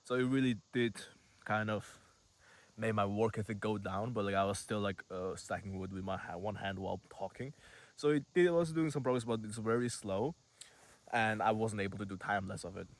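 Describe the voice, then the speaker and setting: An 18-year-old man rambles through a casual vlog story, leaning on fillers and dropping swear words. His voice sits on the lower side for a man. He talks loosely, like he is catching up with a friend. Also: moderate pace. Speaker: vlogger.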